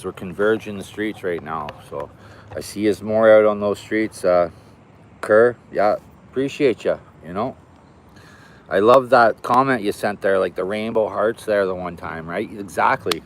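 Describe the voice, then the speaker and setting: A man's voice: lowish voice, measured pace, a little hiss or hum. A man walking by a river, chatting casually to his livestream viewers, thanking them and reading out their comments. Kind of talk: casual live stream chat. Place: outdoors by a river.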